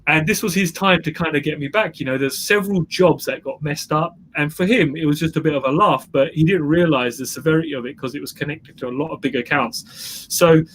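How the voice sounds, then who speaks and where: A man's voice: on the high side, a little fast, a bit bright. A man with a slightly raised voice, speaking emphatically and driving his points home through repetition. He tells his story in a conversational interview. A faint hiss runs under the recording. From England. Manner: emphatic, repeats phrases for effect. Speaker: guest entrepreneur.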